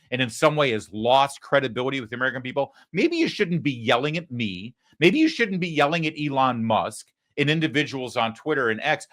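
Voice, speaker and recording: A man's voice: medium pitch, fairly bright tone. A man hosting a political commentary show, talking in a sarcastic, mocking way. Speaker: host.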